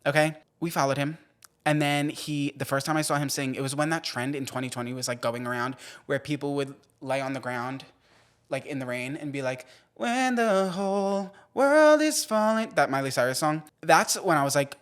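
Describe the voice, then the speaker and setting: A young man hosting a solo podcast, talking in an animated, gossipy way with dramatic outbursts. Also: medium pitch, fairly quick, smooth. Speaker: podcast host.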